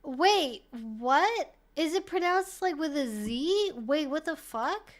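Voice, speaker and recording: A woman with a high-pitched voice is live-streaming and fielding viewer questions in a relaxed, talkative way. She's animated yet slow-paced, curses freely, leans on "like," and keeps breaking into easy laughter.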